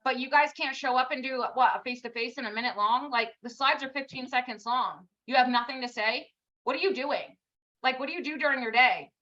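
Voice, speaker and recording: A woman's voice: sits high, fairly quick, pushed and bright, dull audio. A woman giving a casual motivational talk on a live stream, blunt and scolding, firing off rhetorical questions and swearing casually. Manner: swears casually, self-mocking. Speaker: team leader giving a live pep talk.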